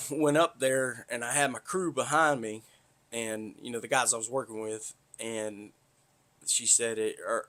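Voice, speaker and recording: This podcast host, a man from north Florida, speaks with a Southern accent in a medium-pitched, somewhat bright voice. His casual monologue is rambling, profane and blunt.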